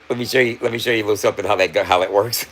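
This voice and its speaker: A man's voice: fairly low pitch, steady tone, racing, fairly bright tone, slight background noise. A man livestreaming and talking loosely to his chat, swearing freely and laughing often. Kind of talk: casual livestream banter.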